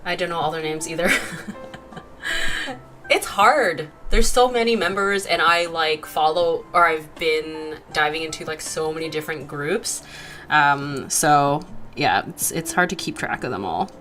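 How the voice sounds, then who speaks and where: A woman's voice: low voice, measured pace, a bit bright, soft background music. A young woman hosting an art livestream, chatting casually and giggling, with lots of fillers while she draws. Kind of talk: casual chat while drawing.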